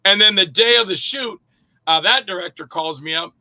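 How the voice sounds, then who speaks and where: An actor and director, this man tells loose, rambling anecdotes in a casual interview, acting out other people's lines and swearing freely. His voice is high and his pace moderate, and the audio quality is poor.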